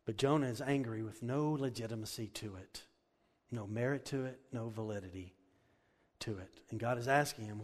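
A man's voice: medium pitch, normal speed. A male pastor preaching a sermon in an earnest, conversational and emphatic manner, in a church hall. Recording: echoey hall.

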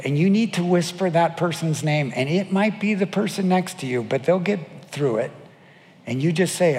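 Pastor leading prayer in a reverberant church. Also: male voice, fairly high pitch, normal speed. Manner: earnest, coaxing, drops to soft prayerful tones. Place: church sanctuary. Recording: long reverb of a church hall.

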